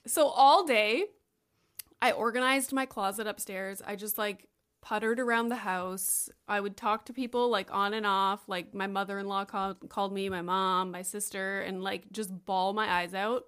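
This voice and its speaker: A woman's voice: mid-range voice, moderate pace, smooth. A woman in her thirties from Canada, telling a story in casual chat with lots of fillers and casual swearing. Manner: animated, chatty, swears casually.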